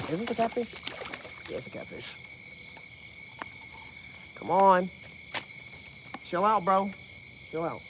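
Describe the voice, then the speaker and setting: A man chatting excitedly to a live-stream chat while fishing, swearing freely and out of breath. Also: on the high side, noisy background. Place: outdoors on a dock at night.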